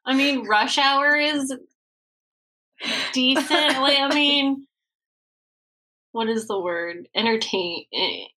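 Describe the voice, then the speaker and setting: A woman's voice: high-pitched, slow, pauses often, bright, forceful tone, poor audio. A young woman co-hosting a podcast, rambling in casual chat, swearing and laughing often. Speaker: podcast co-host.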